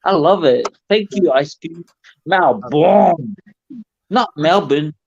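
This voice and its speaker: A man, a podcast guest talking casually, playful and quick to apologize. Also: a little high, lively intonation, highs cut off, slight background noise. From New Zealand. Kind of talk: casual chat.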